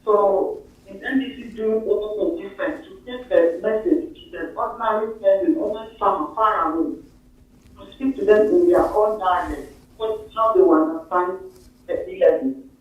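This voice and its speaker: A man's voice: sits high, normal speed, heavy reverb. A man calling in to a talk show, asking a question hesitantly with many fillers. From Ghana. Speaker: phone-in caller. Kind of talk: call-in question. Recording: muffled phone line from far off.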